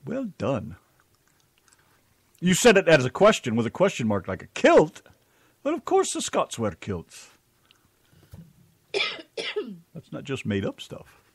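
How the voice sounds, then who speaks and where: An American man co-hosts a casual online radio show, full of crude, joking banter. His voice sits mid-range but swings widely in pitch as he riffs and teases. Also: wildly swooping pitch, unhurried, long pauses, breathy edge, no echo.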